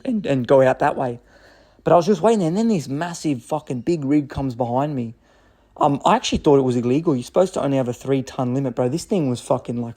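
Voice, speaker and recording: Fast-talking Australian man ranting. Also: fairly high pitch. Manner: profane, rambling, animated retelling of confrontations. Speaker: storyteller. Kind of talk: casual storytelling rant.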